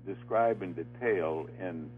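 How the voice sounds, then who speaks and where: An older man, a former game show host, tells a halting anecdote in an interview, breaking into laughter as he goes. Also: deep voice. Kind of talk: storytelling in an interview. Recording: tinny phone line with faint music.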